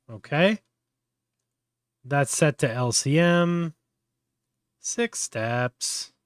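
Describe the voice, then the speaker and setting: A man's voice: mid-range voice, no room sound, clean studio sound. A man hosting a casual live tutorial, thinking aloud with many fillers and restarts. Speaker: host.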